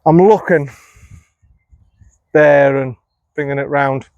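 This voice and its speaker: A fairly high-pitched man talks himself through each golf shot out on an open course, picking apart his own play. His voice comes across dry and close on a phone camera. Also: fairly even intonation, slow, gravelly, no room sound, highs cut off. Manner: self-critical, talks to himself. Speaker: golf vlogger. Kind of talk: running commentary while playing golf. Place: outdoors on an empty golf course.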